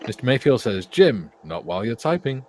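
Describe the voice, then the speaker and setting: A man's voice: medium pitch, very animated, brisk, a little mellow. An older Welsh man co-hosting a casual livestream, jokily reading out viewer comments with frequent laughs. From Wales. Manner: jokey, reads viewer comments aloud with laughs. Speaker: co-host reading live chat.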